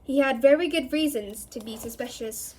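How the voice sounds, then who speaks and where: Expressive woman reading a novel aloud. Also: high voice, normal speed. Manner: expressive storytelling, voices each character. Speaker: reader.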